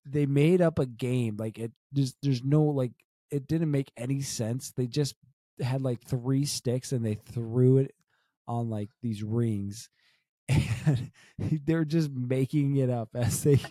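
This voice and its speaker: A man's voice: medium pitch, slow pace, dark tone, dry recording, clean studio sound. A young adult man co-hosting a podcast, chatting casually and rambling with many restarts and fillers. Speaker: podcast co-host. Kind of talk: casual chat.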